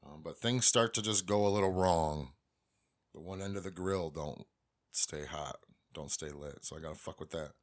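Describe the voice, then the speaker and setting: A man's voice: sits low, normal speed. Profane, rambling middle-aged man. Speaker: podcast host. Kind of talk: casual monologue.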